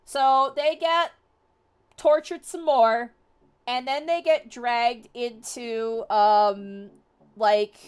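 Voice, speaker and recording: A woman's voice: on the high side, steady tone, very slow, smooth. A woman streamer retelling a book to her chat in a rambling, sarcastic way, swearing and full of fillers.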